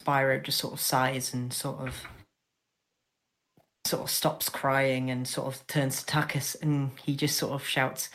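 A woman with a low voice describes her character's moves in a tabletop game over online chat. She hedges, saying "sort of" again and again. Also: little pitch movement, unhurried. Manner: hesitant, many "sort of"s. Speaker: player.

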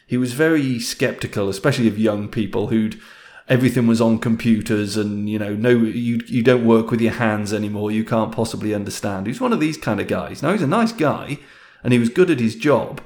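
A man's voice: lowish voice, fairly quick, darkish tone. Candid man telling a career story. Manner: reflective, candid, self-deprecating. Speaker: speaker sharing a career story. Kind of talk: casual storytelling monologue.

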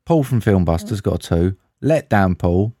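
Man, casual podcast co-host, lively rising and falling pitch, dry close sound, jokey. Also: normal speed, dry recording. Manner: joking, self-mocking, swears casually. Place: small hot shed.

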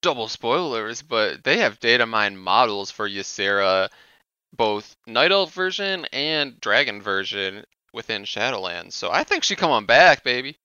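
Lively, laid-back man on a dull mic. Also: fairly low pitch, measured pace, clear, resonant tone, no echo. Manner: laid-back, joking, swears. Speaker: podcast co-host. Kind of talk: casual gaming chat.

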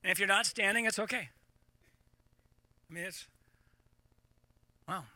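A middle-aged man preaching to a live congregation, animated and repeating words as he talks. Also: high voice, measured pace, no echo. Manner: animated, repeats words, laughs at own points. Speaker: pastor.

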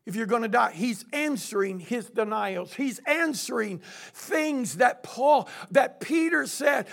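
Gravelly high-voiced man preaching a sermon. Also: animated, unhurried. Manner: preaching, often shouting with rising intensity. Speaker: pastor.

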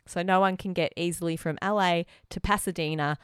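A woman co-hosting a podcast in casual chat, talking fast and loose, laughing often and restarting words. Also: lowish voice, steady tone, clear, resonant tone, no echo, clean studio sound. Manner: chatty, laughs often, restarts mid-word. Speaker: podcast co-host.

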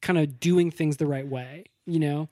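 A man's voice: fairly high pitch, fairly even intonation, moderate pace, warm tone, no room sound, clean studio sound, close to an everyday voice. A man voicing a fussy, rule-bound young cinema clerk who talks in a prim, pedantic, apologetic way while retelling a story. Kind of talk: casual storytelling.

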